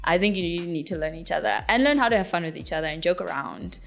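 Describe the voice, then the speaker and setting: A woman's voice: lowish voice, animated, quick pace, creaky, faint music behind. Chatty, giggly young woman from Zimbabwe. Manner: chatty and giggly, with many fillers. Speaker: singer-songwriter guest. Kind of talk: casual interview answers.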